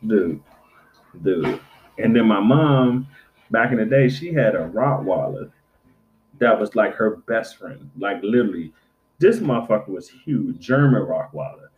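A middle-aged man in casual chat, telling profane, animated stories and acting out quotes. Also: lowish voice, normal speed. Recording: dull lo-fi recording.

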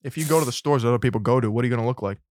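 A man co-hosting a casual podcast, blunt and crude with deadpan jokes. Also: medium pitch, rapid-fire, slight background noise. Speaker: podcast co-host.

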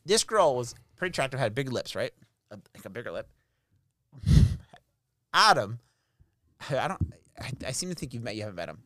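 A man's voice: mid-range voice, very animated, normal speed, pauses often, a bit bright, no echo, studio quality. A man hosting a podcast, telling a story in casual chat, swearing and laughing as he goes. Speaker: podcast host.

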